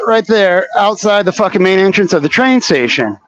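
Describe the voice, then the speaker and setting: A man's voice: sits high, lively intonation, normal speed, hardly any pauses, a bit bright. A man rambling through a profane, slangy story full of fillers while walking city streets near a train station, recorded with dull lo-fi audio. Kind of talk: casual storytelling vlog walking outdoors.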